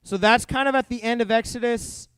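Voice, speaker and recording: A young man in the role of youth pastor, giving an animated Bible talk to a youth group, full of jokes and acted-out voices. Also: extremely high pitch, a little fast, clear, resonant tone, no echo, studio quality.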